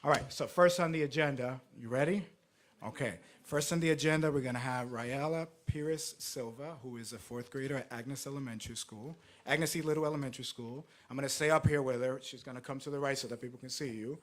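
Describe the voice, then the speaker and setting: A man's voice: medium pitch, fairly quick. A man emceeing at a public groundbreaking ceremony, thankful and joking, close to tears.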